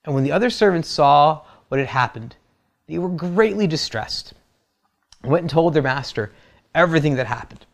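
A man's voice: a little high, lively intonation, normal speed, gravelly. A man preaching a sermon, who retells the story in a casual, humorous way. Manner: conversational and humorous, acts out quotes. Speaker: pastor.

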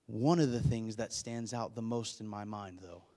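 Preaching man, loud peaks and hushed lows. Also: normal speed. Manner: dynamic preaching, swinging from loud urgent build-ups to hushed, low passages. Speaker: pastor. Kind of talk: sermon.

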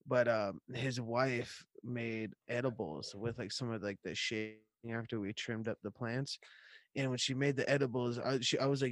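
Chill guy telling a story, mid pitch, dry close sound, swears a bunch. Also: steady tone, dry recording. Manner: laid-back, swears, drawn-out anecdote. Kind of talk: casual chat.

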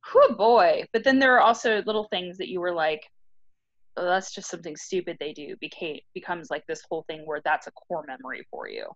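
A woman's voice: fairly low pitch, sing-song, brisk, muffled recording. A young woman co-hosting a casual podcast about a book, talking thoughtfully with wry asides. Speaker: podcast co-host.

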